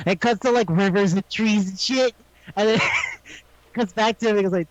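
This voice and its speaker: A high-pitched man co-hosts a casual podcast and retells a show with lively energy, often acting out the characters' lines. His voice sounds dry and close. The audio is a little dull. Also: moderate pace, no echo. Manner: animated storytelling, acts out quotes, laughs often. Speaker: podcast co-host. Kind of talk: casual chat recapping an anime.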